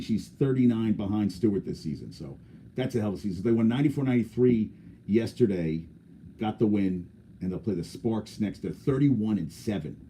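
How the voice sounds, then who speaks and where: A man's voice: lowish voice, dark tone, slight background noise. A man hosting a sports podcast, talking casually in a blunt, opinionated, rambling way.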